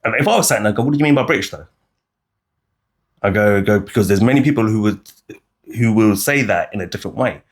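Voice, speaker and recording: British man, animated podcast debate, low-pitched voice, restarts and acted-out quotes. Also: fast, long pauses. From United Kingdom. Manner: animated, acts out other people's lines, frequent restarts. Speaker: podcast co-host. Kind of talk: casual debate chat.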